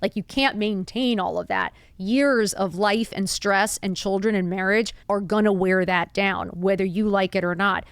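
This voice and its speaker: A woman's voice: moderate pace, few pauses, clean tone, no room sound. A woman in her fifties hosts a solo podcast, talking bluntly and confidingly in an ordinary mid-range voice. She is recorded close and dry, with no room sound around her. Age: 50s. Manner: blunt, confiding, animated with laughs and high put-on quotes. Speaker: podcast host. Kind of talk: candid solo podcast talk.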